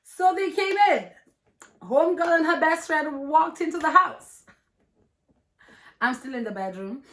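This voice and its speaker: A young woman vlogger with a fairly high voice tells a personal story, her pitch jumping around as she goes. She swears freely and laughs often. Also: measured pace. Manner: animated, profane, laughing storytelling. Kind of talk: storytime vlog.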